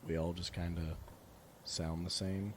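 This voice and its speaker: Blunt, very deep-voiced man. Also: level tone, unhurried, background noise. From Florida. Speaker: podcast co-host. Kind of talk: casual chat.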